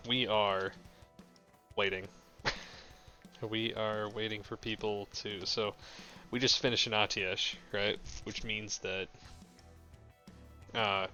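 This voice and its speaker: A man's voice: lowish voice, pushed and bright. Profane, rambling male game streamer. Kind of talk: casual live gameplay commentary.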